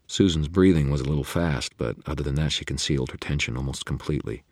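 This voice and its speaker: A man's voice: very deep voice, quick pace, slightly rough, no room sound, clean studio sound. A man narrating a novel in first person, in a wry, clipped, tense manner. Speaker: audiobook narrator.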